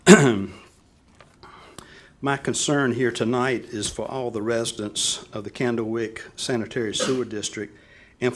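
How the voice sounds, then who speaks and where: Scratchy-voiced man at a podium microphone. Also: lowish voice. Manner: measured, reads prepared remarks, clears throat. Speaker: resident addressing county board. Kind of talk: public comment at a meeting. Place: county meeting chamber.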